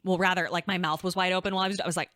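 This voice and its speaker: A young adult woman co-hosting a podcast, telling a story in casual chat, animated and chatty, swearing freely and acting out quotes. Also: on the low side, racing, no echo, studio quality. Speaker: podcast co-host.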